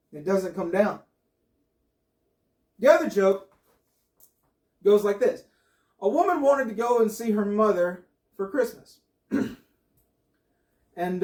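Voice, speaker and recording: A man hosting a weekly joke segment, telling stories in an animated way, recorded in an echoey room. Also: high-pitched. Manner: animated storyteller. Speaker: host.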